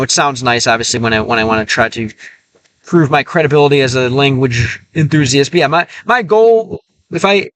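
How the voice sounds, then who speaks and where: A man's voice: a little high, a bit bright, no echo, poor audio. Man thinking aloud on a dry stream. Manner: thinking aloud, halting and self-correcting. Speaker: language-learning streamer. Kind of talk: casual livestream chat while gaming.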